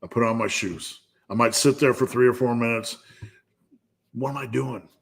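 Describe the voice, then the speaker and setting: A man's voice: medium pitch, moderate pace, vocal fry. A man hosting a live fitness Q&A, giving a blunt, profane pep talk. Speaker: fitness channel host.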